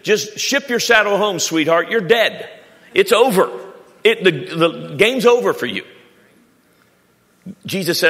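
A man preaching a sermon as pastor, animated, with stammered restarts and sudden loud climbs in pitch. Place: church auditorium. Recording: long reverb of a large hall.

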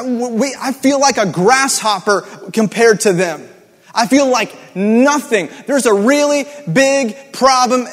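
A man's voice: very high-pitched, a bit bright, in a large hall. A man preaching a sermon in a conversational, emphatic way, repeating key words for effect. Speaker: pastor.

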